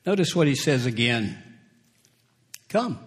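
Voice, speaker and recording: A man preaching a sermon, slow and deliberate, who chuckles between points and acts out scripture quotes. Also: mid-range voice, animated.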